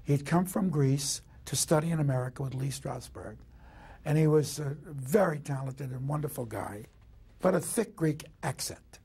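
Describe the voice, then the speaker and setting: A man's voice: a little high, normal speed, warm tone. A man who directed the film, recalling its making in a dry, matter-of-fact interview. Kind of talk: interview recollection.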